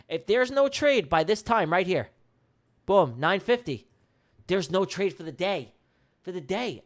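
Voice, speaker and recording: A man hosting a trading livestream who talks bluntly and heatedly, swears freely and repeats lines for emphasis. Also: high voice. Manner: blunt, heated rant with profanity. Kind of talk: live-streamed trading commentary.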